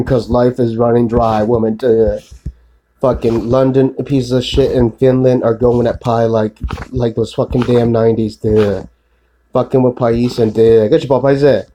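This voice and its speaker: A man's voice: medium pitch, flat delivery, normal speed, dark tone, low-quality recording. A man in a rambling solo monologue, ranting profanely and accusingly, repeating filler tags and addressing an unseen woman.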